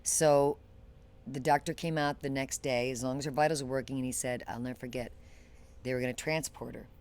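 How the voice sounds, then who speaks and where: A halting woman recounting a painful loss in an interview. Her delivery is detached and matter-of-fact, with frequent restarts and trailing phrases. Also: rumbling low, steady tone, a little mellow, smooth. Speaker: interview guest. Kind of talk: emotional personal storytelling.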